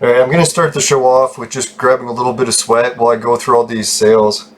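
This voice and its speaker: A man chats casually as he hosts his own gaming channel, rambling and swearing freely with frequent laughs. His voice sits at an ordinary middle pitch. A faint hiss runs under the recording. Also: level tone, fast. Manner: chatty, swears a lot, laughs often. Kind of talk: casual gameplay commentary.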